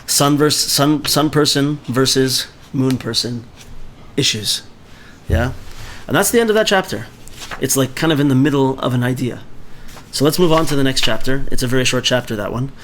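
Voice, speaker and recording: A man's voice: medium pitch, normal speed, a bit bright, a little hiss or hum. A man leading a book club, reading a story aloud and explaining it conversationally, often checking in with his listeners.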